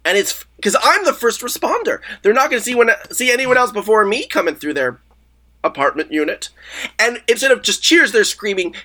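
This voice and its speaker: Stammering, rambling man, animated and bright. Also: high voice, brisk. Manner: rambling, stammering, self-justifying. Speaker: comedic podcast guest. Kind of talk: improvised comedy interview.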